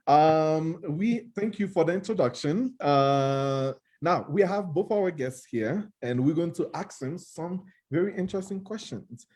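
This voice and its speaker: A man's voice: a little high, dark tone, husky. A man hosting a casual live-stream show over a video call, playful and teasing as he brings in his guests. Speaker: show host.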